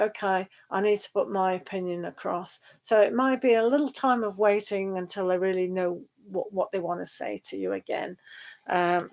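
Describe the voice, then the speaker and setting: A woman's voice: medium pitch, gravelly, slight background noise. A woman chatting on a live tarot stream, reading viewer questions aloud. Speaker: tarot reader.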